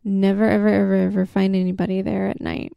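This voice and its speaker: A woman's voice: medium pitch, level tone, fast talker, gravelly, clear, resonant tone, no room sound, muffled recording. A woman co-hosting a casual podcast, telling a story with lots of fillers and easy laughs. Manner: chatty storyteller, many fillers, laughs easily. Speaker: podcast co-host. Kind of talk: casual chat.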